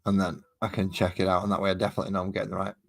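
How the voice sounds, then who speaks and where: A man's voice: sits low, level tone, rapid-fire, gravelly. A man hosting a painting stream, chatting casually with easygoing dry asides as he works. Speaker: host of a miniature-painting stream. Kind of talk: casual chat while painting.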